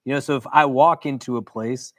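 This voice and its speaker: A man teaching a weekly religious class in a relaxed, conversational way, often asking his audience whether they follow him. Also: medium pitch, fairly quick, no echo. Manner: conversational, keeps checking in with the audience. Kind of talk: casual religious lecture. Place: lecture room.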